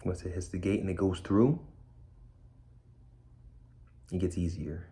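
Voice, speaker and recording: A man's voice: low voice, brisk, mellow. A man speaking bluntly and candidly in a streetwise way, repeating key phrases. He is indoors in a room of a borrowed house. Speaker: speaker sharing his story. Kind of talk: candid personal talk.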